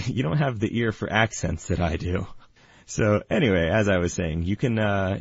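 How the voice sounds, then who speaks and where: A man's voice: low-pitched, darkish tone, husky, dry recording, lo-fi sound. A man from the United States co-hosting a podcast in casual chat, with dry, teasing humor. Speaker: podcast co-host.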